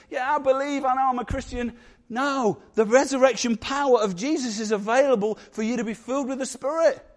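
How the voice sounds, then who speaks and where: A man preaching a sermon to his church, animated and jokey, acting out little voices. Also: very high voice, brisk. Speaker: pastor.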